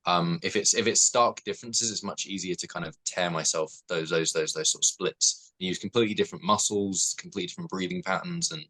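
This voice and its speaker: A man's voice: low voice, fast talker, hardly any pauses, bright, forceful tone, rough recording. A young British man, an actor, chatting casually and thoughtfully as a podcast guest. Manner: laughs often, thoughtful and self-deprecating.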